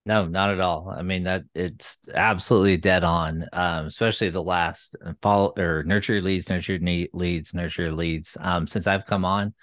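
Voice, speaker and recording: A man with a very deep voice, co-hosting a show for gym owners. He talks in a relaxed, agreeable way and often retells calls with clients. The sound is close and dry. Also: moderate pace, few pauses, no room sound. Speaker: co-host, gym follow-up coach. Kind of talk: casual chat.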